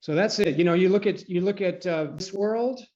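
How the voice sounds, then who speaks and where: Higher-voiced male trading coach on a lo-fi call. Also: normal speed, darkish tone. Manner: chatty, clears throat often. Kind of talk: live online coaching call. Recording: dull lo-fi call audio.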